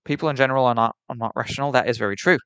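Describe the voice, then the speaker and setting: A male streamer puts on a New Zealand accent while giving opinions on a live stream, repeating and restarting words as he answers chat. His medium-pitched voice races along, creaky, smooth, and fairly bright. The sound is lo-fi, with no room sound.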